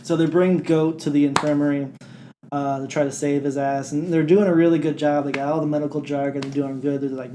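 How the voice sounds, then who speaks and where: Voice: mid-range voice, little pitch movement, a little fast, mellow, slight background noise. A podcast co-host recapping a bad movie in casual chat, joking and acting out the characters.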